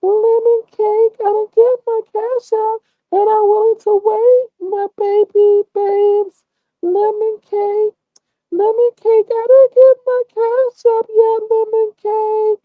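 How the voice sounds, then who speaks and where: A man voicing a flirty woman who sweet-talks a man for money with drawn-out pet names. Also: very high voice, little pitch movement, dry recording, narrow, tinny audio, pitched above the performer's own voice. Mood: cooing.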